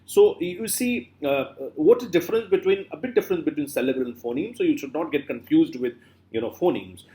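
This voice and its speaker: Middle-aged male professor, lively intonation, repeats words slowly for students, lots of fillers. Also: fairly high pitch. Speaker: literature lecturer. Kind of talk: classroom lecture.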